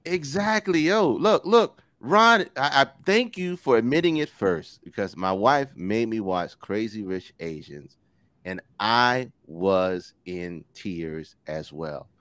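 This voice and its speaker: Forties male co-host, low voice, lively and jokey, dry close sound. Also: takes it slowly, no echo. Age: 40s. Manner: animated, joking, swearing, laughs often. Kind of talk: casual chat.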